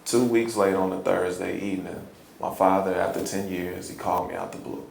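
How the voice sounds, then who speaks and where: Chicago man, deep gravelly voice, earnest halting storyteller, echoey room. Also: level tone, a little mellow, slight background noise. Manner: earnest, halting, repeats words, laughs often. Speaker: hip-hop poet guest. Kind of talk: personal storytelling interview. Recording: roomy echo, faint ambience.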